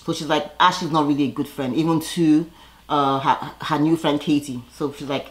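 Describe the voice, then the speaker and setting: A woman's voice: low-pitched, steady tone, normal speed. A woman vlogger giving a casual, opinionated recap commentary, chatty and full of fillers.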